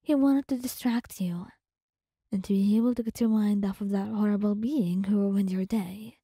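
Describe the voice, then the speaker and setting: Woman narrating whispered role-play, close mic, breathy and mellow. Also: mid-range voice, steady tone, moderate pace, dry recording. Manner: soft and hushed second-person narration. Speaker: storyteller.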